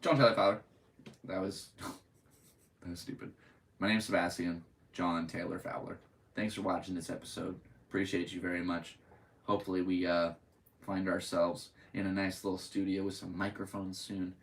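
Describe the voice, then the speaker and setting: A man's voice: low-pitched, distant mic. A man from Connecticut hosting a solo podcast in his room, rambling jokily and goofily. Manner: jokey, rambling, goofy. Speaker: podcast host. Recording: echoey room, off-mic, faint hiss.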